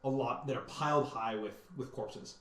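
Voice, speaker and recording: A man narrating a tabletop game as game master, halting and repeating words as he describes scenes. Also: mid-range voice. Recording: echoey room.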